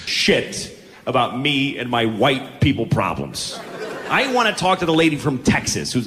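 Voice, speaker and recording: A man doing a stand-up routine on stage, ranting loudly to a live audience. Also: medium pitch, normal speed. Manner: ranting, loud and animated. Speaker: stand-up comedian. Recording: live show, audience noise.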